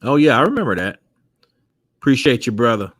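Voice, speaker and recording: A man hosting a casual boxing talk who is animated, laughs often and swears freely. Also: mid-range voice, a little fast, no echo. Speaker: host. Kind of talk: casual chat.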